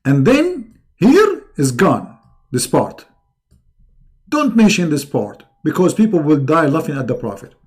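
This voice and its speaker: A man hosting a livestream, talking casually with a mocking, sarcastic, animated manner. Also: fairly high pitch, unhurried. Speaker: livestream host.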